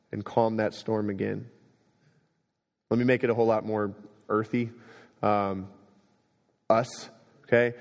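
Man preaching in an echoing hall. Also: mid-range voice. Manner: storytelling, animated swings between quiet and emphatic. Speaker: pastor. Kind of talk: sermon. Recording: long reverb of a hall.

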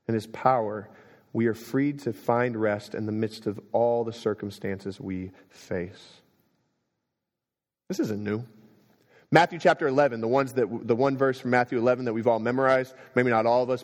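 A young adult man preaching a sermon, telling stories and swinging between quiet moments and emphatic ones. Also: mid-range voice, normal speed. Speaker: pastor. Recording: long reverb of a hall.

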